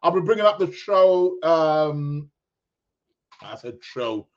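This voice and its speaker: A man hosts a casual live-streamed chat, his voice sitting fairly high for a man. He rambles, laughs and trips over his words, correcting himself as he goes. The audio is dull and lo-fi. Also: animated, slow pace. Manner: chatty and rambling, with fillers, laughs and self-corrections. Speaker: podcast host.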